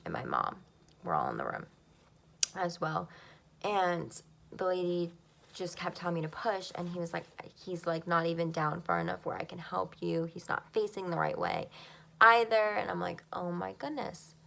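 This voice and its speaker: A young woman talks straight to the camera and tells her own story, full of "like" and "um" and clearly emotional. Her voice sits a little low and carries a heavy gravelly fry. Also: lively intonation, normal speed, a bit bright. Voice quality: gravelly creak. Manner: emotional, frequent "like" and "um" fillers. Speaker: vlogger.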